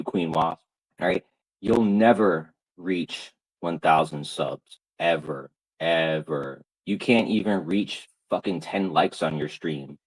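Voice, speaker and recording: Husky man on an angry stream rant. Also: sits low, poor audio. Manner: angry, profane, taunting.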